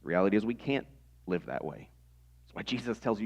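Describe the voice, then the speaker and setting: A man's voice: fairly low pitch, animated, brisk. A man in his thirties preaching a sermon in a conversational way, with rhetorical questions to the congregation. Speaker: pastor.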